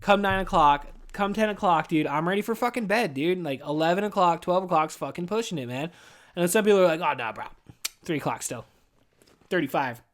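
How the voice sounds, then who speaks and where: Man, 30s, podcast host; tired, rambling, profane delivery in a slightly high register. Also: fast. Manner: profane, rambling, says "dude" constantly; weary, venting. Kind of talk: casual rambling monologue.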